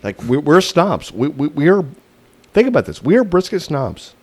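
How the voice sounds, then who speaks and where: A man's voice: fairly high pitch, sing-song, normal speed. A man with a Texan accent, co-hosting a barbecue podcast, joking around and acting out little scenes. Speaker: podcast co-host. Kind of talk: casual chat.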